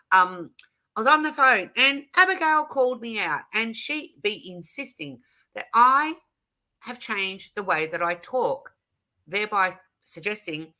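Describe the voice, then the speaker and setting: A woman's voice: lowish voice, bright, forceful tone. An Australian woman hosting a casual live stream, chatting and rambling, correcting herself, giggling and reading out viewer comments.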